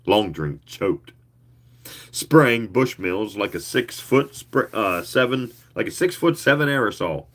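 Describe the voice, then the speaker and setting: A man reading a story aloud in an expressive, leisurely way, with occasional asides. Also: fairly low pitch, slow pace. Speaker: reader.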